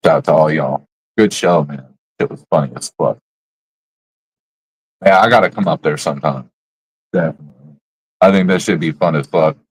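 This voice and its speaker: A man's voice: extremely low pitch, normal speed, long pauses, breathy edge, dry recording, rough recording. A man streaming live, ranting bluntly about other creators in casual, profane slang. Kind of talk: casual livestream rant.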